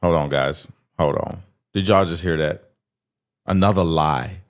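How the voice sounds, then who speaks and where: A man's voice: rumbling low, moderate pace. A man hosting a reaction video, talking bluntly and mockingly straight to his viewers in casual commentary.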